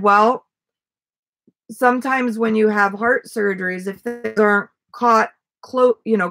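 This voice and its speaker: A woman's voice: mid-range voice, a bit bright. Chatty woman rambling in a front yard. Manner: rambling, chatty, many fillers and restarts. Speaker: vlogger. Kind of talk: casual livestream chat.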